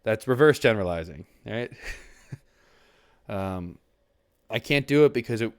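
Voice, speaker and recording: A man's voice: fairly low pitch, lively intonation, unhurried, long pauses, smooth. Earnest rambling young man streaming. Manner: earnest, rambling, with restarts and swearing. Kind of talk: reflective casual talk to a stream chat. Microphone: desk mic at a computer.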